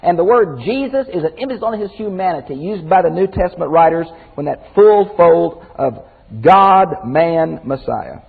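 An older man teaching the Bible as a pastor, folksy and animated, swinging from loud exclamations to quiet emphasis. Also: a little high, moderate pace, gravelly, husky. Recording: phone-like audio with long hall reverb.

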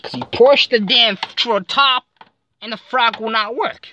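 A woman playing out a toy scene aloud and acting out toy characters, jumping suddenly into squeaky voices. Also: unhurried, pushed and bright, lo-fi sound, a little hiss or hum.

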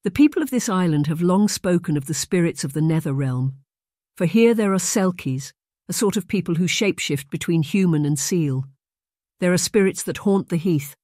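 A narrator doing a hushed, kindly old aunt. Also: medium pitch, no echo, studio quality, natural voice. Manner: hushed, whispery and gentle. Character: kindly soft-spoken aunt from Yorkshire, older woman.

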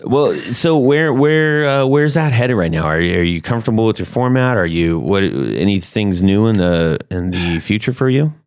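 A man hosting a casual podcast chat, telling stories in an animated way and laughing often. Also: lowish voice, moderate pace, few pauses, clean tone, dry recording, clean studio sound. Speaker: podcast host.

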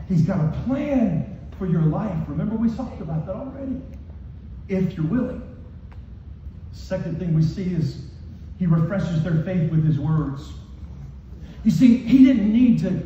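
A male pastor preaching a sermon with emphatic repetition, moving from raised, shouted lines to soft ones. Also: sits high, slight background noise. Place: church hall. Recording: echoey hall from far off, dull.

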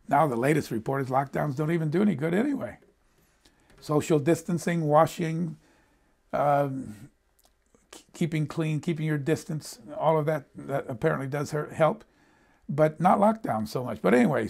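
Older man preaching, gravelly voice. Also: a little high. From United States. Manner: conversational storytelling, repeats words when he stumbles. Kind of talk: sermon.

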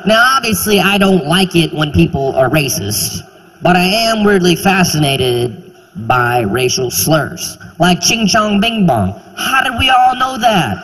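A stand-up comedian from South Carolina, talking in an animated way and acting out other people's voices. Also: male voice, measured pace, husky. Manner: animated, puts on voices of others, jumps high in pitch. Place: large theater stage. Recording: live hall reverb, faint ambience.

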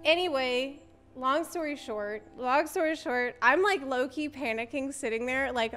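A woman streamer telling a story in casual chat, animated and laughing often, acting out the dialogue she quotes. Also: sits high, a little slow, faint music behind.

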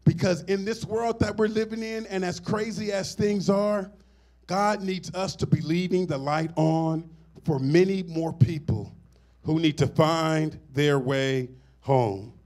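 A fairly high-pitched middle-aged man delivers a sermon as pastor. He builds phrases to a swell and breaks off into casual asides to the congregation. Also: measured pace, darkish tone. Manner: preaching with rising, swelling emphasis and call-and-response asides.

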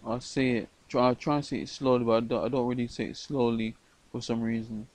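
Guy rambling late at night, flat monotone, keeps restarting his words. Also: medium pitch, low-quality recording. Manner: halting, many repeated words and restarts. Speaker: vlogger.

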